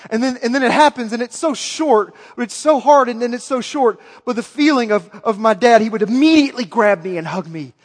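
A man's voice: very high-pitched, brisk, few pauses. Impassioned male preacher in an echoing hall. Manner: swings from soft to yelling. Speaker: pastor. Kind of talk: sermon. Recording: long hall reverb.

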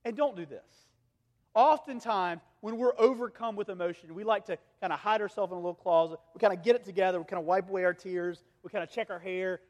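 A man in his thirties, a pastor preaching a sermon, who swings between raised, urgent passages and hushed, gentle ones. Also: high voice, fast talker. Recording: long reverb of a large hall.

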